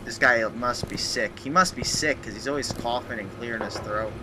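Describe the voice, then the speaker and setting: A man's voice: medium pitch, normal speed. A young man commenting on a horror game as he plays, jumpy and mocking himself as he talks to himself. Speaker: gaming YouTuber. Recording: noisy home recording with clicks.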